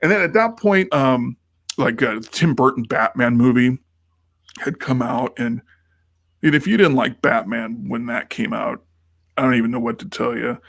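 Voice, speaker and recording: A man's voice: medium pitch, normal speed, gravelly, dry recording, clean studio sound. A man co-hosting a podcast in casual chat, telling a rambling story and acting out the quoted lines of the people in it. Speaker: podcast co-host.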